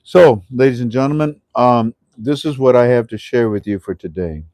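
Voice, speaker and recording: A man hosting a casual livestream who prays, jokes with friends and addresses listeners as ladies and gentlemen. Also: medium pitch, moderate pace, no echo. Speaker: host of a currency livestream. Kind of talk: casual livestream talk with prayer. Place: on the west side of Oahu with friends.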